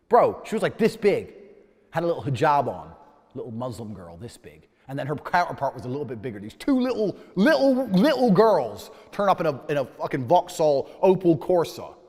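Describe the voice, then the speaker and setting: A man telling a story in a casual, animated way, swearing freely and acting out the dialogue. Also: a little high, normal speed, in a large hall. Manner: animated, profane, acts out dialogue.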